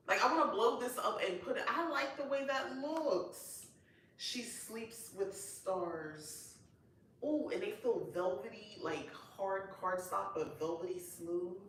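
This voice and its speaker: A woman hosting a casual unboxing chat, gushing and excitable, with lots of delighted exclamations. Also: lowish voice, recorded from a distance. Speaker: host. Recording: echoey room, voice off-mic, faint noise.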